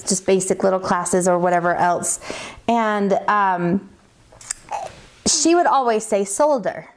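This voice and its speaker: A middle-aged woman from the United States, a metalsmithing teacher chatting casually with viewers while teaching, laughing often and sounding tired. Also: mid-range voice. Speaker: livestream host, metalsmithing teacher.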